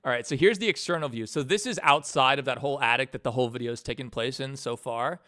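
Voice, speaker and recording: A man's voice: mid-range voice, fast talker, bright, forceful tone. A man hosting a casual stream, walking through his animation work in a laid-back, joking way, swearing and laughing often. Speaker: animator and channel host.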